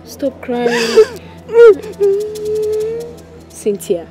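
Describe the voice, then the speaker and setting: A woman's voice: fairly high pitch, expressive, extremely slow, loud music behind the voice. An actress with a Nigerian accent playing a caring woman who pleads with and soothes her grieving friend. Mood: pleading. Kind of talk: Nollywood film acting.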